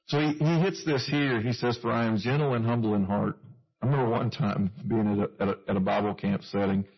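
Male preacher, husky gravelly voice, easygoing sermon, muffled lo-fi recording. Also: fairly low pitch. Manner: conversational, with self-deprecating asides and chuckles.

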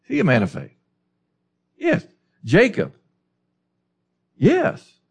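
Male preacher, fairly high voice, animated and emphatic, Bible teaching sermon. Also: takes it slowly, creaky, slightly rough, muffled recording. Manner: lively, emphatic Bible teaching with rhetorical questions.

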